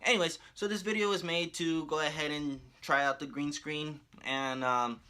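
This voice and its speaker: A man with a fairly high, bright voice recapping a cartoon story. His delivery is animated and casual, and he breaks into laughs often. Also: normal speed, clean tone. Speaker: video creator.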